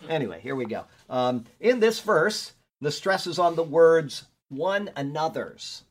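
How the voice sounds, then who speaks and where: A man's voice: fairly high pitch, expressive, measured pace. Conversational male Bible teacher. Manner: conversational, digresses while looking up verses; reads scripture aloud with rising emphasis. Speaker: pastor.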